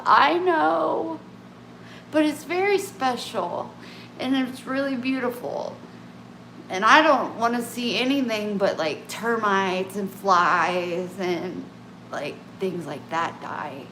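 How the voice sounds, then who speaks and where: A woman vlogs straight to camera in casual, rambling chat, often stopping and restarting and speaking candidly about herself. Her medium-pitched voice has a fairly bright tone, recorded in an echoey room with faint ambience and a little hiss or hum.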